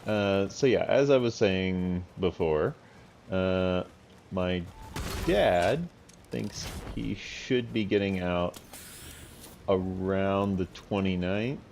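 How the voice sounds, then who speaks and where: A man's voice: low voice, slow, creaky, darkish tone, slight background noise. A man giving chatty let's-play commentary, talking the viewer through a game and teasing the enemies aloud. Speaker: gameplay commentator.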